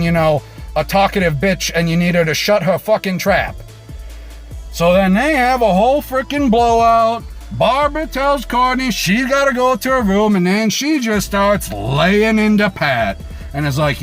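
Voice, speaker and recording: A man hosting a reaction video, recapping an episode casually with swearing and lively pitch swings. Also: normal speed, faint music behind. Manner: animated, swings pitch for emphasis.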